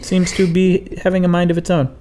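A man putting on the voice of an excitable woman passenger in an improvised comedy story, squealing and high-strung. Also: a little fast, a little hiss or hum, natural voice. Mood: excited.

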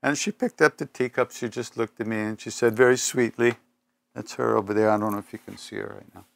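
Gravelly, low older man giving a spiritual talk. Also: little pitch movement. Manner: unhurried and reflective, with pauses and self-corrections. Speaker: spiritual teacher. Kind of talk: spiritual talk with personal stories.

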